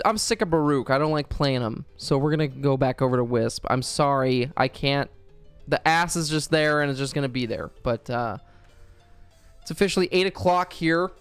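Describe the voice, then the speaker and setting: Slightly high-voiced with a clean tone and no echo, this young streamer talks casually while playing a video game. His chatter wanders, stays crude and jokey, and is full of curse words.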